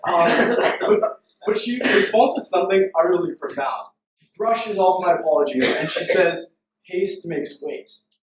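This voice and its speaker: A young man from Canada giving a playful, self-deprecating story-driven pitch presentation to a room. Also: animated, moderate pace, distant mic, a little hiss or hum. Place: room full of people. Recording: echoey room recorded from afar.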